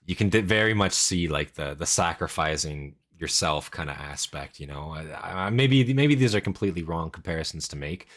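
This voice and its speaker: A man's voice: deep voice, lively intonation, moderate pace, hardly any pauses, fairly bright tone. A man streaming a casual reaction, rambling and thinking aloud with many fillers.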